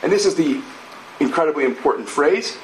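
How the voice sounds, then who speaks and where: A man's voice: fairly high pitch, animated, fairly quick, a little hiss or hum. A man giving an academic lecture, explaining ideas step by step. He thinks aloud with asides and tag questions. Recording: echoey room.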